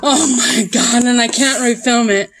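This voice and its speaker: A woman's voice: fairly high pitch, fairly even intonation, a little slow, fairly bright tone, slight background noise, poor audio. A woman vlogging a casual grocery haul at home, chatting as she lists each item one after another. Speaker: mom vlogger.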